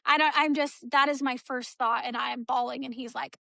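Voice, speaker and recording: Female interview guest from Texas, high and bright, retells a hard personal story and voices the other people in it. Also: steady tone, brisk, gravelly, no room sound. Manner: storytelling, acts out quoted dialogue. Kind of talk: emotional personal account.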